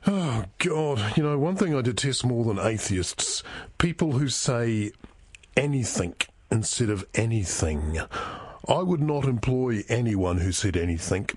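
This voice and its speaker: A man's voice: mid-range voice, expressive, measured pace, a little mellow, husky, dry recording. A man playing a pompous, condescending talkback radio host in a comedy sketch.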